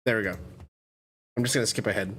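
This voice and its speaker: A man's voice: fairly low pitch, steady tone, fast, background noise. Chatty young man streaming a game. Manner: rambling, self-correcting, chatty. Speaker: VTuber streamer. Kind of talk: casual game stream chat. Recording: faint game music behind.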